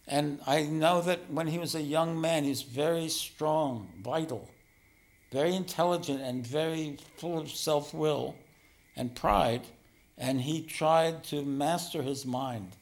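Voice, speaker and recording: A man giving a spiritual teaching talk as a meditation teacher, gentle and self-deprecating, often chuckling. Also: on the high side, vocal fry.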